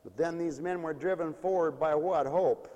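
Man, preacher, sermon, high pitched, emphatic, loud-to-hushed swings, long hall reverb. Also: moderate pace, muffled recording. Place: mission hall.

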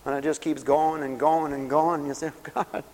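A high-pitched man delivers a radio sermon, his voice surging into fervent, loud reading of scripture before falling quiet and plain for personal stories. A long reverb from a large hall trails every phrase. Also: flat delivery, brisk. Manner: impassioned preaching, swelling loud on scripture and dropping to quiet storytelling. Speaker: preacher.

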